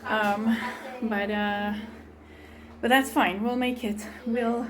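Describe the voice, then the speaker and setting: A woman's voice: a little high, flat delivery, slow pace, fairly bright tone, slight background noise, low-quality recording. Breathless mother filming a phone walk-through. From immigrant to Israel. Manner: breathless, chatty, laughing. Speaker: resident showing her shelter route. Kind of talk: handheld video walk-through. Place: outdoors, then in a bomb shelter.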